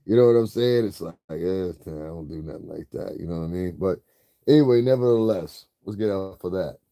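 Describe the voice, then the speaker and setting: A man with a deep, dark voice talks through his commentary in a loose, rambling way, circling back to the same tag phrase and breaking into laughter. The sound is dry and close. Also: brisk, no echo. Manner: rambling, repeats "you know what I'm saying", laughs often. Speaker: commentary vlogger. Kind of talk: casual commentary.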